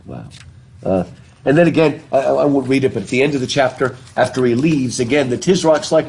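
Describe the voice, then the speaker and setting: Talking fast in a medium-pitched voice, a man gives a casual, chatty literature lecture, asking his students questions and restarting sentences with repeated words. The background is noisy, and he's recorded live in class through a face mask.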